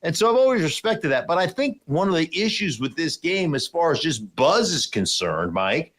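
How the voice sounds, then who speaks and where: A middle-aged man chatting on a sports podcast, full of stories and put-on voices. His voice sits a little high and swings widely in pitch as he acts things out. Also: moderate pace. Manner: animated storyteller, acts out voices in big jumps of pitch. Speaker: podcast host, former football player. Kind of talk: casual sports chat.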